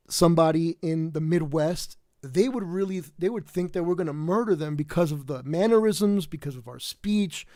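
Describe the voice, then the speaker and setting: Tired New York man, livestream host; raised voice, dark mellow tone, dead-dry sound, rambling delivery. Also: on the high side, dry recording. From South Bronx, New York. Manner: rambling, many fillers and restarts. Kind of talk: casual livestream chat.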